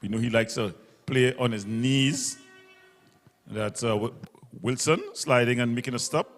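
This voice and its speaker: A mid-pitched cricket commentator calls a local match ball by ball for a ground broadcast, brisk and methodical as he describes field placings and corrects himself. His voice carries a long reverb, with soft music playing underneath.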